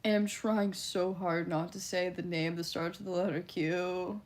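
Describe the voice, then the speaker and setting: A young Canadian woman streams live, reading viewer comments aloud and teasing in reply, giggling and often laughing between lines. Her voice is on the low side, with a steady tone and an unhurried pace.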